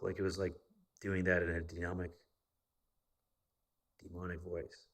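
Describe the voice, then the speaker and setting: This American vlogger's deep voice comes through a muffled recording, completely flat and a little slow. His personal story wanders casually, thick with profanity and filler words.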